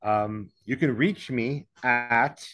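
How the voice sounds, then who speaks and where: A man's voice: medium pitch, slow pace, fairly bright tone, soft background music. A man being interviewed as an author, talking frankly and in a rambling, self-deprecating way over a video call. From English-speaking, living in Mexico. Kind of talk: candid conversational interview.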